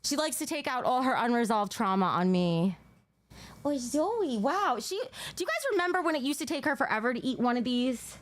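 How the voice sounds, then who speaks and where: A woman's voice: sits high, expressive, a little fast. A woman hosting a casual home livestream, chatting with viewers and her cats, sometimes out of breath. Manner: chatty, reads donations aloud, talks to her cats. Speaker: livestream host.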